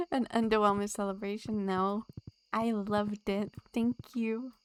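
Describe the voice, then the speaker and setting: A giggly, chatty woman live-streams a farming game, talking casually to her chat and the game itself. Her voice is medium-pitched, slow, and a little mellow.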